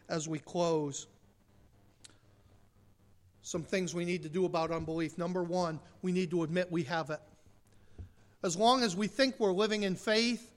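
High, bright-voiced preacher. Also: male voice. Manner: impassioned, swings from loud emphasis to quiet intensity; direct questions to the congregation. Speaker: pastor. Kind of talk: sermon.

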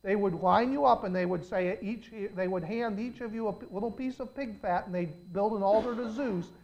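A man's voice: high voice, normal speed, darkish tone, dull audio. An older man preaching a sermon, telling dramatic stories and putting questions straight to his congregation.

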